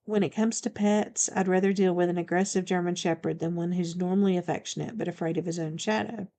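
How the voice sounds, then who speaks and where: A woman's voice: lowish voice, steady tone, quick pace, dark tone, natural voice. A woman reading the part of a blunt, commanding male shifter bodyguard in an audiobook, speaking firmly and matter-of-factly.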